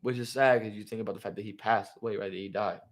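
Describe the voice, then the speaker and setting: A man's voice: on the low side, steady tone, rapid-fire. A man hosting a live stream, casually recapping a manga chapter in a rambling way, full of fillers and "bro". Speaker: livestream host.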